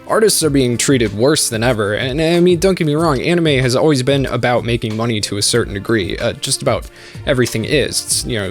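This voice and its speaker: Guy ranting in a video essay, blunt and sarcastic, average pitch, soft guitar music in the back. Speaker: YouTube anime channel host. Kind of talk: scripted video essay rant.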